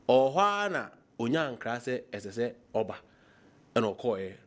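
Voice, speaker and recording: A man's voice: mid-range voice, very animated, measured pace. A Ghanaian man speaking with passion on a political talk show, mixing Twi and English. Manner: impassioned, mixes Twi and English.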